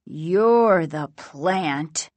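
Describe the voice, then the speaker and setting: A woman voicing a grim, menacing father figure who speaks slowly and low in a storybook reading. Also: animated, a little mellow, no room sound, exaggerated voice. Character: menacing plant-copy father, grim and strange.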